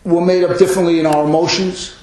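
A man preaching a sermon as pastor, impassioned, rising into loud cries on quoted lines. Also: sits high, level tone, fast talker. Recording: very echoey hall.

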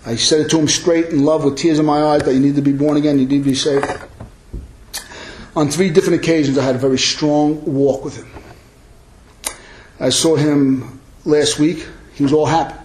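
Earnest high-voiced male pastor preaching. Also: steady tone, moderate pace, pauses often, a little mellow, roomy sound, slight background noise, low-quality recording. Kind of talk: sermon.

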